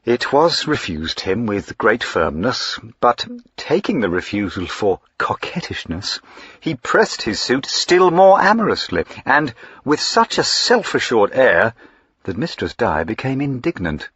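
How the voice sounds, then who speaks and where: A man reading a classic novel aloud as an audiobook narrator, in a measured, expressive storytelling manner. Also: medium pitch, slightly rough, dry recording, highs cut off.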